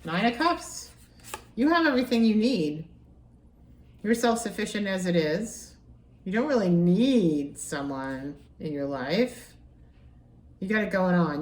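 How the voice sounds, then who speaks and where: A woman giving a casual tarot reading, musing aloud and repeating phrases with animated excitement. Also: medium pitch, unhurried, long pauses, distant mic. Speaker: tarot reader. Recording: echoey room, voice from off-mic.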